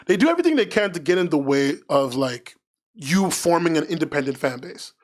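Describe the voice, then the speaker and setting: A man's voice: a little high, sing-song, fairly quick. A man streaming live, chatting casually in a rambling, frank, self-mocking way. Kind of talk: casual livestream chat.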